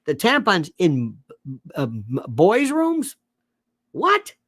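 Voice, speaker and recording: A man delivering an animated, sarcastic political rant as a commentator, mocking his targets with sudden shouts and mutters. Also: a little high, dry recording, clean studio sound. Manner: sarcastic, mocking, puts on quick voices of others.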